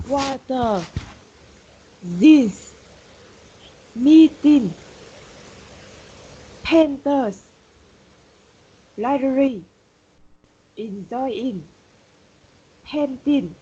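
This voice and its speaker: A woman's voice: sits high, expressive, very slow, pauses often, dark tone, husky, dull audio. A woman student repeating practice words aloud, one at a time.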